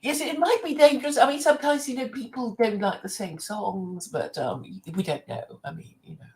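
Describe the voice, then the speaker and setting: A woman hosting a casual chat, lively and given to repeating words. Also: a little high, normal speed. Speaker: host.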